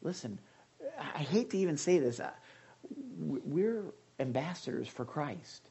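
A man's voice: on the high side, lively intonation, a little slow, vocal fry, dark tone, breathy edge. A male pastor giving a conversational sermon, calling on listeners by name.

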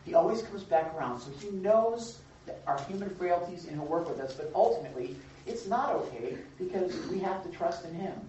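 A man teaching a Bible class to a group, lively and engaging, asking questions and affirming answers. He sounds distant from the mic, in a very echoey room. The sound is a bit dull. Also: high voice, fairly quick, hardly any pauses, a little hiss or hum. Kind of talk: interactive Bible lesson.

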